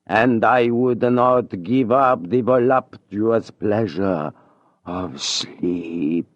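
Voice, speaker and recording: A man voicing a flamboyant male Italian opera singer, with a slow, theatrical, drawn-out delivery. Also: fairly low pitch, no room sound, highs cut off. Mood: drowsy.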